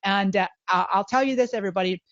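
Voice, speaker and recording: A middle-aged woman with a Scottish accent softened by years in California, hosting a live video training with bubbly, quick talk and frequent laughs. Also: medium pitch, no echo. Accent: Scottish with some Californian. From Scotland. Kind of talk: live-stream webinar hosting. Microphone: video call microphone. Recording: dull, lo-fi web call audio.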